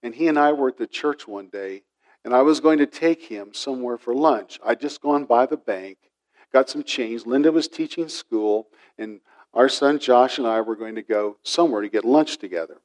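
A man's voice: medium pitch, normal speed. A middle-aged man preaching a sermon, telling a personal story and acting out the voices in it. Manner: storytelling, animated with quoted voices. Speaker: pastor.

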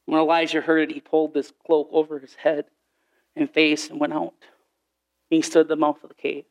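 A man preaching a sermon, telling Bible stories in an animated way and acting out the voices in the quotes. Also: fairly high pitch, brisk, highs cut off.

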